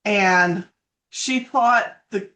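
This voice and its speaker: Soft-spoken woman, slow and easy pace, chatting casually. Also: mid-range voice. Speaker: podcast co-host. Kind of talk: casual chat.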